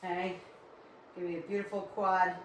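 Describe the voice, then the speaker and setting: A woman's voice: fairly low pitch, level tone, moderate pace, slight background noise. Echoey Rhode Island fitness instructor woman. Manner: upbeat, encouraging, counts reps aloud. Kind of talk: live workout class coaching. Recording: very echoey room, far from mic.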